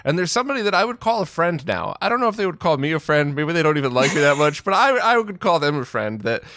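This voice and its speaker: A man with a fairly high voice talks frankly and with animation, swearing freely as he hosts a casual chat. The sound is close and dry, with no room around it. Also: sing-song, quick pace, a bit bright, no echo. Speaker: host, retro gaming video creator. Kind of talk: casual conversation.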